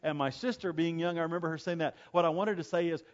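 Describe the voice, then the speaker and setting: Man preaching, storytelling pastor, slightly raised pitch, emphatic repetition, muffled lo-fi sound. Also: fairly even intonation, fast. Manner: storytelling, emphatic repetition, swings between loud preaching and quiet asides. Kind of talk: sermon.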